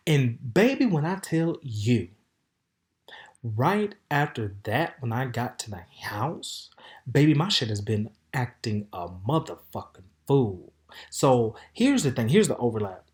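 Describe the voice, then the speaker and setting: A man hosting a podcast, telling a candid story in a sassy, flamboyant way, with loud outbursts and low mutters. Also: measured pace. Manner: flamboyant, sassy, animated, calls listeners "baby" and "honey". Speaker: podcast host. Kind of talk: casual storytelling monologue.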